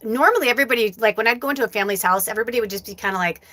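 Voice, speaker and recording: A woman's voice: a little high, very fast, bright, forceful tone. A woman psychic medium giving a live channeled reading and telling a personal story in a rambling, casual way, with lots of fillers and some swearing.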